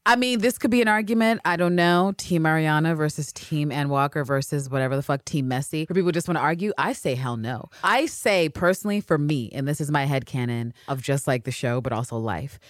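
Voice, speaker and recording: Woman podcast co-host, low voice, dry close sound, loose and profane. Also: brisk, hardly any pauses, no room sound. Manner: animated, swears freely, acts out characters' lines. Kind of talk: casual recap chat.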